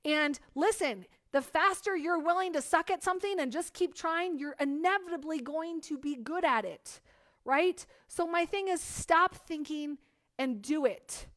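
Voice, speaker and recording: A woman giving a lively motivational business coaching talk, full of "like" fillers and acted-out examples. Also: sits high, a little slow. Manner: energetic, acts out hyped voices, many "like" fillers.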